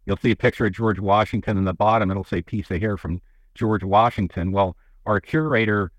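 Low-voiced man telling museum stories. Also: fairly even intonation, a little fast, dry recording, poor audio. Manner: rambling, folksy storytelling with many restarts. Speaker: museum representative. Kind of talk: radio interview guest. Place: radio studio. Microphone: studio microphone.

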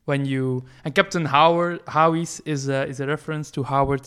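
Man, somewhat high voice, smooth clear tone, casual podcast chat, hesitant. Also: steady tone, normal speed, a bit bright. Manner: hesitant, many fillers and restarts, laughs often. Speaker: podcast co-host.

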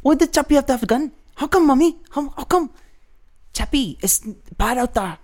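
A man's voice: very high-pitched, expressive, brisk, a little mellow, voice pushed up. A man voicing a childlike South African robot that whines and then barks threats. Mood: manic.

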